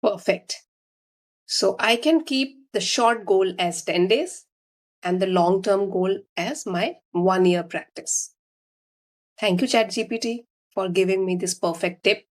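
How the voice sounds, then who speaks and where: A woman with an Indian accent teaching spoken English, explaining slowly and deliberately. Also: mid-range voice. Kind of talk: instructional talk to learners.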